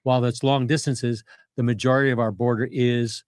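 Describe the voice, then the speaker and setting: The speaker is a retired Navy captain, an older man serving as guest historian, whose steady, middle-pitched voice is a little mellow and a little fast. With no room sound in the dry, close recording, he rambles through detailed history explanations, restarting and using fillers as he circles back.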